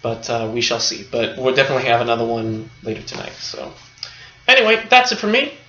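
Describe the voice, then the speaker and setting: A man's voice: mid-range voice, very animated, a little fast, sharp tone, a little hiss or hum. A man giving an unscripted film review, rambling, with many fillers and restarts. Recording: echoey room, dull lo-fi sound.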